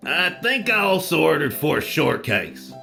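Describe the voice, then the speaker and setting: Man doing a gravelly, fed-up stallion. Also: on the high side, sing-song, a little slow, bright, forceful tone, faint music behind, heavily acted. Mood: gruff. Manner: gruff, bored, curt, swears. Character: gruff weary stallion in a hat, foul-mouthed.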